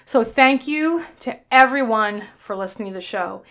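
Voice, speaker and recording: A woman's voice: fairly high pitch, expressive, moderate pace, hardly any pauses, a bit bright. A woman with a New York accent hosting her own weight-loss podcast in a chatty, upbeat, blunt and self-mocking way. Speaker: podcast host.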